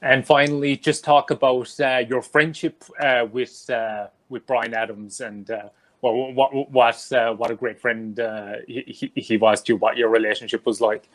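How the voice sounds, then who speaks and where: A man hosting a casual interview, speaking haltingly with many fillers and eager thanks. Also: medium pitch, steady tone. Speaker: podcast host.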